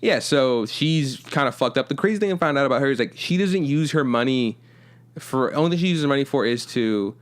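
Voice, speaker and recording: A man's voice: mid-range voice, animated, fairly quick. Male podcast host, loose and profane, talks in long rambling runs full of fillers. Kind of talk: casual chat.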